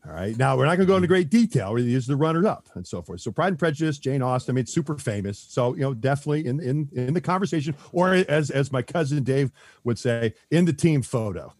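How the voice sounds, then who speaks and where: A man's voice: medium pitch, animated, fast, a little mellow, dry recording. A man chatting as a podcast guest, rambling with lots of fillers and restarts and chuckling often. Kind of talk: casual podcast chat.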